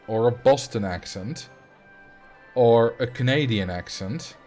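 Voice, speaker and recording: Man, dutch accent, casual livestream chat, musing, mid-pitched voice, faint music behind. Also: a little mellow. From Netherlands. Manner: musing, conversational, thinking aloud. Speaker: streamer.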